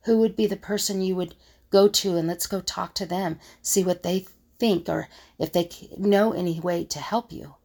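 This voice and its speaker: A woman talks through her thoughts in a reflective solo monologue, her low voice gravelly and husky. She works as a conflict resolution coach and now and then slips into the scoffing tone people use on each other. It sounds musing and personal. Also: fairly even intonation, normal speed, darkish tone.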